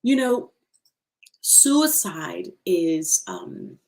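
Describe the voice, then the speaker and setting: A middle-aged woman hosting a livestream, sharing an emotional personal testimony, slow and heartfelt, repeating phrases for emphasis, her voice breaking at times. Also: fairly low pitch, wildly swooping pitch, gravelly, a little mellow.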